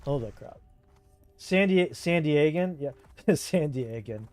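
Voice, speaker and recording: This is a man with a Southern Californian accent, chatting easily while he streams a game. His voice sits a touch high, and he talks in loose, rambling runs full of fillers. The sound is dry and close, with music playing faintly behind. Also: animated, slow pace, darkish tone, dry recording. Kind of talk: casual chat while gaming.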